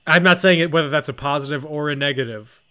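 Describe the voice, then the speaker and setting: A man co-hosting a podcast in casual movie chat, with dry, deadpan humor. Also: a little high, fast, clean tone. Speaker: podcast co-host.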